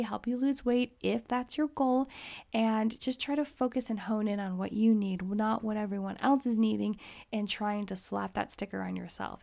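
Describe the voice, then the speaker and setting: Chatty woman with a gravelly voice. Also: mid-range voice, darkish tone. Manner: chatty, candid, encouraging. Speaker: fitness vlogger. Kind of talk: casual advice monologue.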